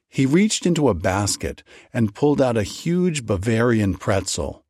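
A man narrating a storybook tale in an unhurried, expressive reading. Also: mid-range voice, no echo, clean studio sound.

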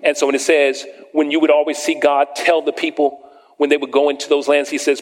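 Male preacher, emphatic scripture reading, fairly high voice, long hall echo. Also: steady tone. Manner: reads scripture slowly and emphatically, questioning the congregation. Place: church sanctuary with congregation.

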